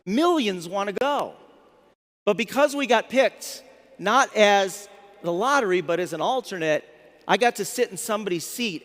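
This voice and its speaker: High-voiced man telling stories in a hall. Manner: animated storytelling, restarts words often. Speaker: motivational speaker. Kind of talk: storytelling talk to a live audience. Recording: long hall reverb.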